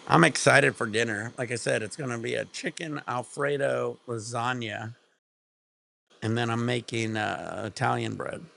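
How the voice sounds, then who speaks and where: A man's voice: medium pitch, steady tone, normal speed, vocal fry, bright, forceful tone. A man streaming from home, chatting casually in a rambling, laid-back way with plenty of swearing.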